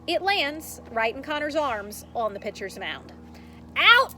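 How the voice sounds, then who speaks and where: A woman's voice: on the high side, animated, unhurried, fairly bright tone, faint music behind. A woman reading a children's chapter book aloud with expression, speaking to young listeners. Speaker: read-aloud host.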